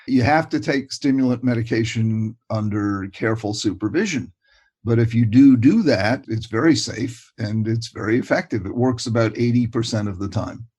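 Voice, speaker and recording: An older man, a guest expert in a casual interview, talking with warm enthusiasm and often repeating words. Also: medium pitch, moderate pace, husky. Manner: warm, enthusiastic, repeats words and says "you know" a lot.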